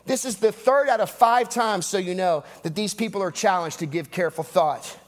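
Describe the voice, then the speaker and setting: High-voiced male preacher in a reverberant hall. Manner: emphatic, repetitive preaching with dramatic pauses and asides. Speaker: pastor. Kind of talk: sermon.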